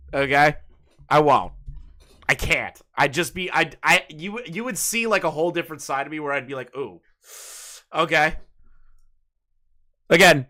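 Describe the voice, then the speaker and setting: A man's voice: a little high, bright, forceful tone. A young man hosting a casual call, talking bluntly and rambling with plenty of profanity. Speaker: streamer host.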